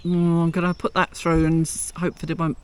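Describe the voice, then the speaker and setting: A man's voice: a little high, completely flat delivery, fairly quick, clean tone. A man from England with a South London accent, co-hosting a casual home podcast in a chatty, self-deprecating way. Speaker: podcast co-host. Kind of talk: casual chat. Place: home in France.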